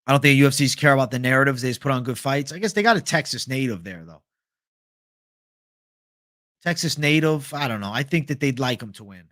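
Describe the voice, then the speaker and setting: A man's voice: medium pitch, lively intonation, a little fast, pauses often, fairly bright tone, no room sound, studio quality. A young man hosting a livestream, chatting casually about fight picks, swearing and reading out viewer comments. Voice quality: casual, profane, reads chat aloud. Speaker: MMA livestream host.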